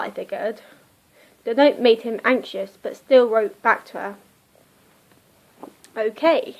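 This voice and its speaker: A young British woman with a British accent reviews books in a chatty, rambling vlog shot on a phone camera, often cutting herself off. Her slightly high voice is animated, with a measured pace and frequent pauses, and the recording quality is low.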